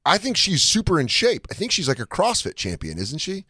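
A man co-hosting a casual podcast chat, telling stories with lots of laughter and quick put-on voices. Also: fairly high pitch, slightly rough. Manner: animated storytelling with impressions and laughter. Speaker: podcast co-host.

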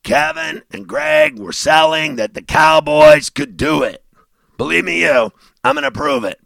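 Man, sports talk host, sarcastic and mocking, slow drawl, lively swooping pitch. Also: creaky, no echo. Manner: sarcastic, mocking, swings from low mutter to loud outbursts.

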